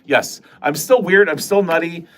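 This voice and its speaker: A man's voice: fairly high pitch, normal speed, fairly bright tone. A middle-aged man hosting a casual livestream from a corner of his home, chatting with viewers in a rambling, self-mocking and profane way. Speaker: livestream host. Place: corner of a home filming room.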